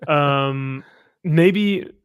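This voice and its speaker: A man hosting a live comic book chat show, animated and laughing often as he reads viewer comments. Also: fairly high pitch, drawn-out words, clean tone. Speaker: host. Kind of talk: casual chat.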